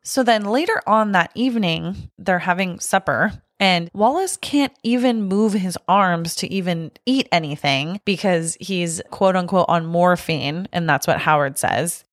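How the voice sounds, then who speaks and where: Low-voiced woman recapping a film. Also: animated, a little slow, few pauses, no echo, clean studio sound. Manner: retells scenes, acting out quotes. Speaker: podcast co-host. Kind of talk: casual film recap chat.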